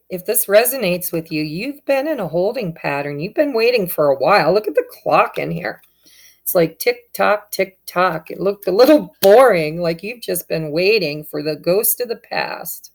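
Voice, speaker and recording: A woman's voice: mid-range voice, lively intonation, moderate pace. A woman giving a casual tarot reading, speaking straight to her viewers in an upbeat, encouraging way. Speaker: tarot reader.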